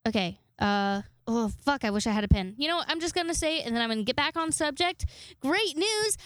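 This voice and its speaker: Talking fast in a fairly high, clear and resonant voice, a young woman chats alone on her podcast, cursing a lot and making fun of herself. The recording is dry.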